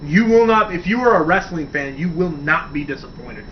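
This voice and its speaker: A man's voice: a little high, animated, normal speed. Chatty man rambling about wrestling. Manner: enthusiastic, rambling, swears casually. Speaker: radio show host. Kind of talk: casual wrestling talk segment. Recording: distant dull mic with faint hiss.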